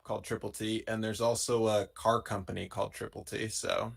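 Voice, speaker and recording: A man's voice: on the low side, little pitch movement, brisk, creaky, slightly rough. A man co-hosting a live stream, telling stories in a dry, rambling and jokey way. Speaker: podcast co-host. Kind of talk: casual chat on a live stream.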